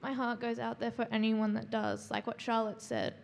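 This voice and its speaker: A woman with a fairly high voice talks haltingly, her words heartfelt. A strong gravelly fry runs through her speech. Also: level tone. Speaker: congregation member sharing. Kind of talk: casual sharing in a church talk.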